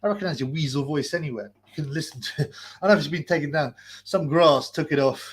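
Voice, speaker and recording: Fast-talking and a little high-pitched, this man mocks callers on a live stream, mimicking them, laughing, and ranting with abusive profanity. Blocked sinuses leave his breathing audible.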